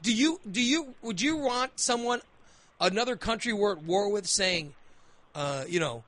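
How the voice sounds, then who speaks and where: Emphatic high-voiced male radio host. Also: expressive, normal speed, fairly bright tone. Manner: emphatic, argumentative, repeats phrases. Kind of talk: opinionated talk radio debate.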